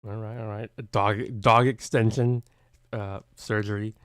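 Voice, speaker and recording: A man's voice: on the low side, flat delivery, unhurried, clean tone, no room sound, clean studio sound. A man hosting a reaction video, talking casually in a rambling, hesitant way with many restarts.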